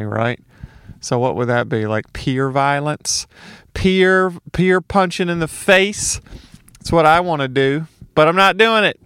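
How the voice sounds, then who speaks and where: A man's voice: mid-range voice, smooth, dry recording. A man from Mississippi with a light Southern accent, doing a casual solo comedy monologue, ranting with profane, sarcastic asides.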